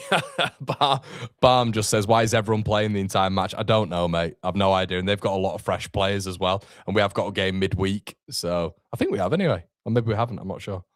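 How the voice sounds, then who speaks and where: A young man hosting a live football watchalong, excitable and sweary, chatting to his viewers. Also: sits low, brisk, dry recording, studio quality. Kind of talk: live match reaction.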